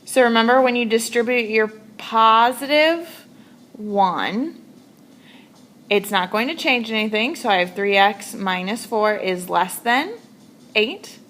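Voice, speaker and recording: A woman's voice: fairly high pitch, slow pace, fairly bright tone. A woman teaching a recorded math lesson, stressing key words as she works through examples.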